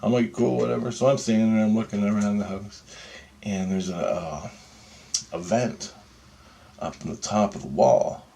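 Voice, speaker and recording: A man casually telling a vlog story, animated and full of swearing. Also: fairly low pitch, normal speed, long pauses. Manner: profane, animated retelling of a dream. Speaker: vlogger.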